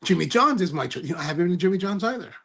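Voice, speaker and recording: Speaking very fast, this high-pitched American man runs a cigar review livestream. His husky, somewhat bright voice moves with lively intonation as he casually reads viewer comments and wanders through stories, often correcting himself.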